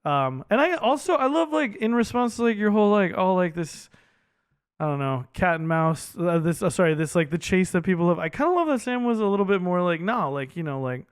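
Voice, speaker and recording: A man co-hosting a movie podcast, talking casually and excitedly, peppering his speech with "like" and the odd swear. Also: sits high, fairly quick, smooth, no echo, studio quality. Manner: animated, heavy use of "like", swears casually. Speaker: podcast co-host.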